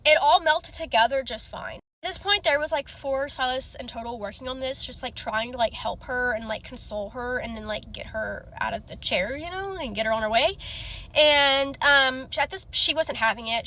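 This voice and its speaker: A woman's voice: high-pitched, moderate pace, bright, forceful tone. A woman hairstylist telling a storytime in a rambling way, full of "like" fillers. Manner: rambling, heavy use of "like". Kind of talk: casual storytime.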